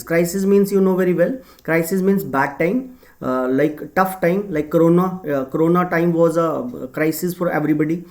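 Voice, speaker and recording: A man's voice: on the high side, normal speed, a little mellow. Man teaching grammar with many fillers. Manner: repetitive, many fillers and tag questions. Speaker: English teacher. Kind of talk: exam-prep grammar lesson.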